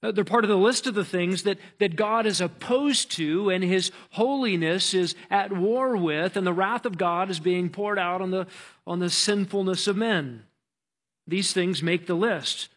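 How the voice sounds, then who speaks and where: A man's voice: high voice, a little slow, fairly bright tone. A man preaching a sermon as pastor, earnest and emphatic, often restarting his words.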